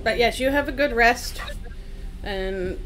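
Animated storytelling woman streamer. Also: on the high side, slow, a little hiss or hum. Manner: animated storytelling, casual swearing. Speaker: streamer, host. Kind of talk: casual stream chat.

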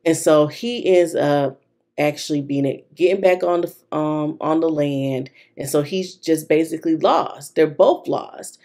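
A young woman with a low-pitched voice and a lot of gravelly fry talks to her viewers while she decorates her planner. She tells stories in a loose, chatty way and speaks to her audience directly. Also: a little slow, warm tone. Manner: chatty storytelling addressed to viewers. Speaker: planner vlogger.

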